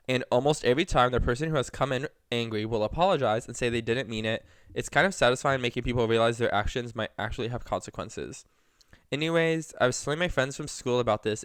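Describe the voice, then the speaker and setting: Smooth-voiced young man reading posts aloud. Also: mid-range voice, no room sound, studio quality. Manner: animated, laughing storyteller, acts out quoted voices. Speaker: podcast co-host. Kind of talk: casual podcast chat, reading posts aloud.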